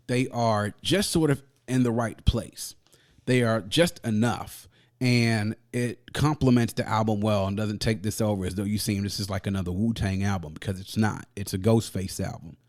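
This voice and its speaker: A man with a voice on the low side hosts a music review podcast, speaking in a casual, slangy, animated way and laughing often.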